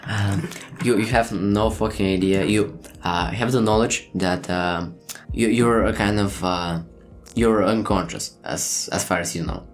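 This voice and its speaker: A man's voice: on the low side, steady tone, unhurried, few pauses. A man narrating as game master, rambling with many hesitations, swearing freely and laughing often.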